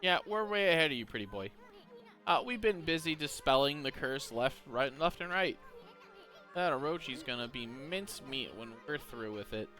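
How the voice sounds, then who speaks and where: A man's voice: mid-range voice, animated, moderate pace, sharp tone, soft background music. A man doing a brash cocky little sidekick. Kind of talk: reading game dialogue aloud.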